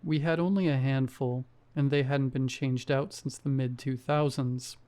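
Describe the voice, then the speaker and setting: Guy reading a creepy story, steady, middle pitch. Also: unhurried. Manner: steady first-person storytelling. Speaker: story narrator. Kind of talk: scripted horror narration.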